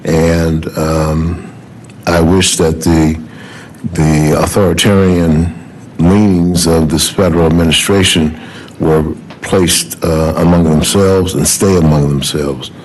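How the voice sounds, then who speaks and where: A man, a county supervisor, making halting remarks in a committee meeting. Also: extremely low pitch, flat delivery, darkish tone, slight background noise, poor audio. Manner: halting, slow.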